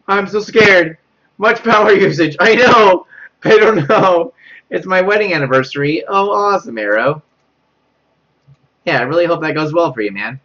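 A young man streams a horror game live, panicking, laughing nervously, and repeating himself while reading the chat out loud. His voice is pushed and bright at a normal speed, captured on a dull, low-quality mic.

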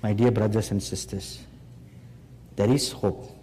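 A man preaching a sermon, slow and emphatic, pressing his listeners with rhetorical questions. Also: lowish voice, steady tone, dark tone, slight background noise. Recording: long hall reverb.

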